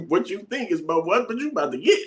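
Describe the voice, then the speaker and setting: A man's voice: high voice, big pitch swings, quick pace. A man teaching a lesson, reading passages aloud and explaining them in an emphatic, conversational way. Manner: emphatic and conversational, repeats points, laughs.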